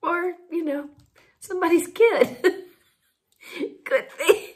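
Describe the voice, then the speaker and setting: A woman's voice: extremely high pitch, slow. A woman casually telling a funny anecdote, laughing often as she talks. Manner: giggly, laughs through the telling, animated. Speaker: storyteller host.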